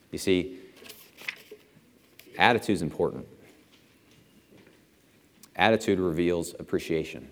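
A man's voice: sits low, takes it slowly, pauses often. A young man giving a casual, storytelling sermon in a church, chatty and self-deprecating and chuckling often. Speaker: church speaker. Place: church auditorium. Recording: long hall reverb.

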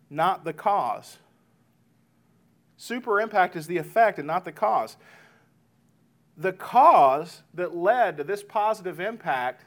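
A pastor in his thirties preaching to his congregation. His voice sits a little high for a man, and he keeps things casual, often calling the room "guys" and slipping into lively retellings of talks with his kids. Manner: conversational, addresses congregation as "guys"; retells family talk with lively voiced asides. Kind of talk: sermon.

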